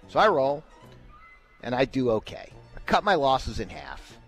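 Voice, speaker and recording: A man's voice: mid-range voice, normal speed, gravelly, faint music behind. A man hosting a radio talk show, telling a casual story and acting out the lines he quotes. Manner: animated, acts out quoted lines.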